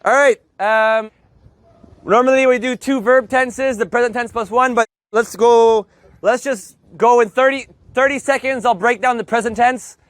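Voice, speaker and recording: High-voiced, joking male Spanish teacher. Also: moderate pace, dry recording. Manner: joking, energetic, drills words loudly for students to repeat. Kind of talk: live group language lesson. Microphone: loudspeaker mic.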